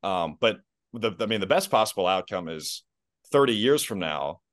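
A man with a notably low voice chats as a guest on a sports podcast. He is easygoing and self-deprecating, laughing often. The sound is dry and close. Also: animated, moderate pace, no echo. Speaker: podcast guest, basketball play-by-play announcer. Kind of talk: casual podcast chat.

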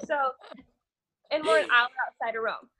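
A young woman chats as a podcast guest, her voice high and bright. She rambles through her story with plenty of swearing and offhand asides. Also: normal speed. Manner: profane, rambling, says "whatever" a lot. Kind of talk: casual storytelling chat.

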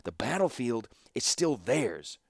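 A calculating male warlord, as a narrator puts him on in a storybook reading. His low voice is expressionless and measured, delivered slowly, and the sound is dry. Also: expressive, no room sound, close to an everyday voice. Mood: cold. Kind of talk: audiobook character voice.

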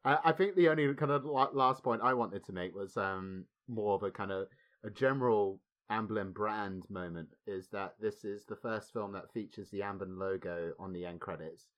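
A man co-hosting a film podcast, speaking in a measured way and chuckling often. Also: fairly low pitch, a bit bright. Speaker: podcast co-host. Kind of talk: casual film discussion.

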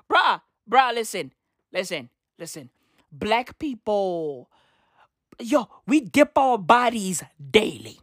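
A woman delivering a comedic rant to camera, loud and profane, with shouted bursts and slang asides. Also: medium pitch, big pitch swings, slow, no echo, studio quality. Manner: heavy use of slang asides. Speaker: commentator.

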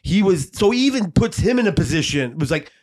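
A man's voice: high-pitched, big pitch swings, fairly quick. A man co-hosting a podcast, telling a long story in casual chat, rambling with lots of fillers and swearing. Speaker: podcast co-host.

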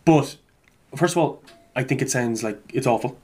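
A man's voice: medium pitch, normal speed, a little mellow, slightly rough. A man with a Dublin accent talks casually on a podcast, earnestly setting out his views. He often restarts his sentences as he works out his thoughts. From Dublin, Ireland. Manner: earnest, opinionated, with many restarts. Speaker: podcast co-host. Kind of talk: casual chat.

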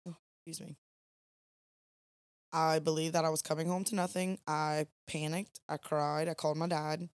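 This is a young woman with a drawl, co-hosting a casual podcast. Her voice sits fairly low, and the sound is close and dry. She rambles easily through a long personal story. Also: flat delivery, moderate pace, no room sound. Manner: chatty, rambling, Southern "y'all" phrasing. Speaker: podcast co-host. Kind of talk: late-night casual storytelling.

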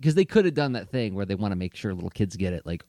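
A man co-hosting a cartoon recap podcast in casual chat, animated and joking, often slipping into silly voices. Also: on the low side, quick pace, no echo. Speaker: podcast co-host.

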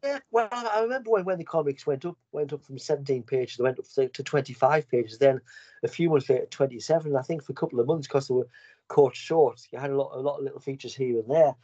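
Fast-talking British man, muffled sound. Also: mid-range voice, mellow, dry recording. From United Kingdom. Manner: quick, repeats words as he restarts. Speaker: podcast guest. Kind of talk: casual chat.

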